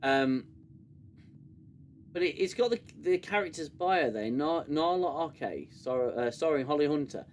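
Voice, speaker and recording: A man's voice: a little high, lively intonation, unhurried. British guy ranting on a live stream, sarcastic, swears a lot, bit of faint noise behind. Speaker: show host. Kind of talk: live review stream chat.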